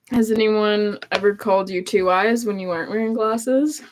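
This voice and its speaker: A woman's voice: medium pitch, fairly even intonation, moderate pace, background noise. Woman, co-host; playful and giggly, reading fan comments aloud on a casual stream. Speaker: co-host of an improv livestream.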